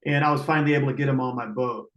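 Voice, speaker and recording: A man telling a river rescue story in casual, halting speech full of fillers and restarts, heard over a video call. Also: medium pitch, fairly even intonation, fairly bright tone, reverberant, rough recording.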